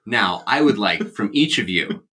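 A lively young man running a relaxed movie discussion with friends. His voice is bright and ringing, and it swings widely in pitch as he jokes and laughs along. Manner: animated, quick to laugh, playful. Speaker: podcast host. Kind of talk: casual movie chat.

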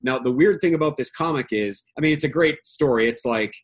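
A man's voice: mid-range voice, brisk, slightly rough. A man in his forties, a regular panelist, talking casually in a rambling, self-deprecating way with many fillers. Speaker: regular panelist on movies and music. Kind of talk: casual chat.

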